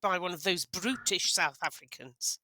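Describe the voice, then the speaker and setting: A woman co-hosts a rugby podcast, quick to chime in with jokes and agreement. Her pitch leaps about animatedly and her tone is bright. The recording is dry and close. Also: lively intonation, no room sound. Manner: chatty, jokey, quick to chime in. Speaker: podcast co-host. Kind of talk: excited casual chat about rugby.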